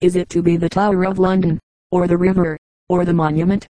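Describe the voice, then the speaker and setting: A woman's voice: lowish voice, flat delivery, fairly quick, warm tone, no echo, natural voice, low-quality recording. A woman reading the part of a cheery, portly middle-aged uncle in a hearty, jovial way.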